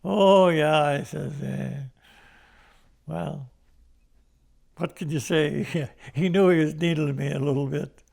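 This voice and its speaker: A man's voice: fairly high pitch, steady tone, measured pace, vocal fry, a little mellow, slightly rough. An older American man telling war stories in an oral history interview, rambling with restarts and little chuckles. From United States. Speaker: veteran interviewee.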